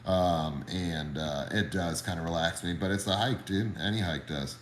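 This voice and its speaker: A man's voice: low-pitched, moderate pace, echoey room. A man casually chatting on a livestream and reading viewer comments, laid-back, profane and friendly. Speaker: livestream host and reptile keeper.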